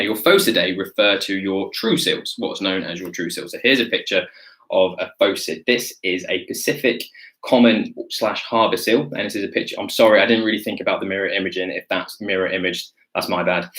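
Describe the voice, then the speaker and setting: A young man with a fairly low voice teaches a live online wildlife lesson. He is chatty and enthusiastic, and he stops to pick up viewer questions along the way. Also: a bit bright, low-quality recording. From Britain.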